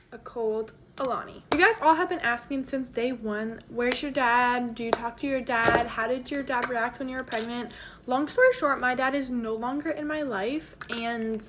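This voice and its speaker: A young woman with a high voice talks to her viewers in a chatty get-ready-with-me storytime, confiding as she goes. A faint hiss of noise sits under her voice. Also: fairly bright tone.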